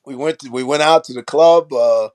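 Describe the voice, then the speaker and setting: An older man tells a long story on a podcast, putting on voices for the people in it and laughing along. His voice sits at an ordinary middle pitch and is recorded close and dry, with no room sound. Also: normal speed, no echo. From Brooklyn, New York. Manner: animated anecdote-telling with laughs and acted quotes. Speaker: podcast guest. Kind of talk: storytelling in casual chat.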